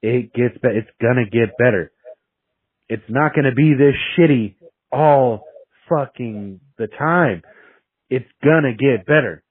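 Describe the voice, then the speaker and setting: A man voicing a calm male drill sergeant who quietly reassures a recruit in a low, near-whispered voice, heard over a dry, tinny, phone-like recording. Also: measured pace, slightly rough, no room sound. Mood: quietly reassuring.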